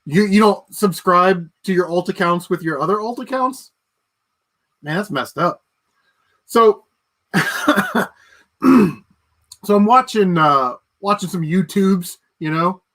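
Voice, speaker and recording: High-voiced man ranting on a livestream. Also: expressive, slow, pauses often, a bit bright. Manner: ranting, profane, laughs at his own jokes. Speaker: livestream host. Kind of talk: casual livestream chat.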